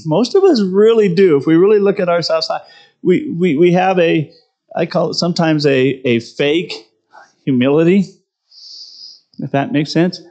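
A man's voice: a little high, darkish tone, dull audio. Chatty man preaching a casual sermon. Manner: conversational, self-deprecating, tags lines with "right?". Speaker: pastor.

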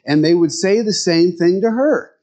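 A man's voice: high-pitched, moderate pace, warm tone. A man from Nebraska with a Nebraska accent, preaching a sermon in a folksy, rambling storytelling way with frequent restarts.

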